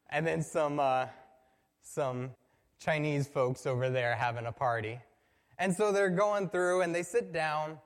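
A male pastor preaching a sermon, telling a story conversationally and building to emphatic points. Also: fairly high pitch. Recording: long reverb from a large hall.

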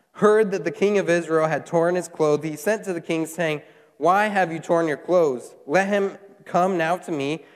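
A man preaches a sermon in a fairly high voice. He reads scripture and breaks into lively asides, acting out the characters. His voice rings with the long reverb of a big hall. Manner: animated, voices the characters while retelling.

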